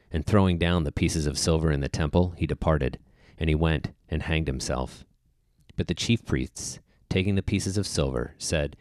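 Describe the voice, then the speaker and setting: A man with a very deep voice gives a liturgical scripture reading. He reads in a steady, formal way. The recording is close and dry, with no room sound. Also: moderate pace, no room sound. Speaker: scripture reader.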